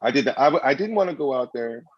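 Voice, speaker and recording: A man's voice: medium pitch, animated, fast, slightly rough, no echo, muffled recording. Blunt man comedian, dry sound. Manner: blunt, profane storytelling. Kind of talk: casual podcast chat.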